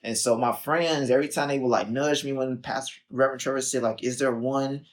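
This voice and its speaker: With a medium-pitched voice and a fast delivery, a young Chicago man recounts his story as a podcast guest. He's casual and animated, voicing quotes dramatically and filling with "like" and "um."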